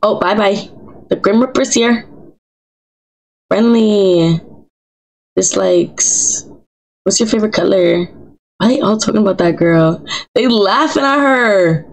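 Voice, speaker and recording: A woman's voice: medium pitch, slow, vocal fry, long pauses, poor audio. A woman streaming a life simulation game, chatting in a playful, teasing way and talking back to the characters in slang. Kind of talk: playful live gameplay commentary.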